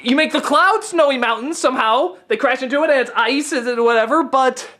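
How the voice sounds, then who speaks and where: A man giving a casual, profane film review rant, stammering and sarcastic, often getting excited. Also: extremely high pitch, a little fast, hardly any pauses. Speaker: film critic.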